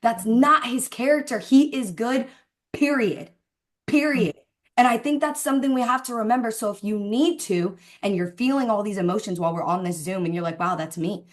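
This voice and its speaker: A woman leading a Zoom call for her sales team, giving a fervent, preachy motivational talk about faith. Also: on the high side. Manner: fervent, preachy, speeds up and slows down for emphasis. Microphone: video call.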